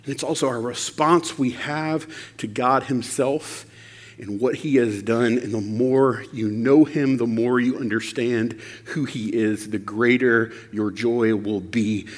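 A man preaching a sermon, conversational and animated, asking the audience rhetorical questions. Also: medium pitch, measured pace, big-room sound. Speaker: pastor.

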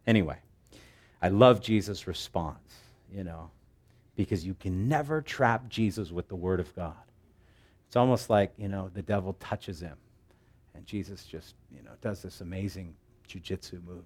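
Animated, joking man preaching. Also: sits low, normal speed. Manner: animated, jokey, acts out quoted voices. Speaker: pastor. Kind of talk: sermon.

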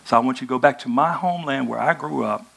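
A man's voice: medium pitch, quick pace, vocal fry, fairly bright tone, slight background noise. A man voicing a mother who urgently tells her son to run away, in casual modern slang. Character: scheming mother urging her son to flee.

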